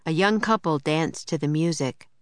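A woman narrating a children's story in a measured, clear storytelling manner. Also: low-pitched, no echo. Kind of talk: audiobook narration.

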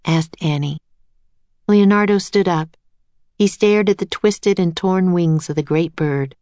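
Calm woman storybook narrator, slightly low voice, dry close recording. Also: measured pace, dry recording.

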